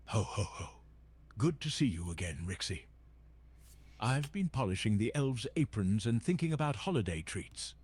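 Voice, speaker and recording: A text-to-speech male voice playing a jolly old Santa Claus chatbot, reading his stage directions aloud in a steady, husky patter. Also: fairly low pitch, normal speed.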